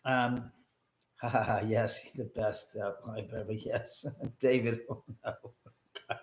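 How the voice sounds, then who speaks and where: This livestream host talks slowly, his voice on the low side and steady in tone. Caffeine has him wired, so he rambles and curses giddily in casual chat from his echoey home room.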